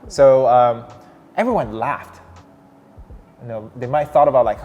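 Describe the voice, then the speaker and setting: In a casual interview, a young man who founded a startup tells his story a little slowly in a mid-range voice, animated but constantly restarting and using fillers. The sound is lo-fi, with long hall reverb and faint noise.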